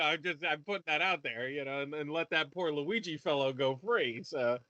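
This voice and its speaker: A man's voice: on the high side, moderate pace, pushed and bright, no room sound. A man co-hosting a review podcast, ranting in casual chat with lots of profanity and stop-start restarts. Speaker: podcast co-host reviewing shows.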